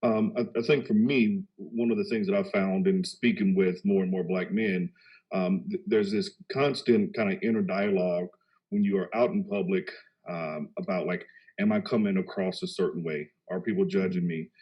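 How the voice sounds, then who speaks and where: A man from Texas speaking as a psychologist on a panel, measured and reflective, with filler words. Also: sits low, steady tone, husky. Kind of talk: casual panel discussion. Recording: dull lo-fi recording.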